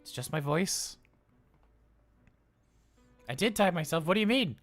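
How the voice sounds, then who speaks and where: A man's voice: on the high side, expressive, a little slow, fairly bright tone, no room sound, soft background music. Guy doing a jumpy robot daycare worker, rambly and stammery, voice bouncing all over the place. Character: anxious cheerful male robot daycare attendant. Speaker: livestream role-player. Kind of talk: live in-character streaming.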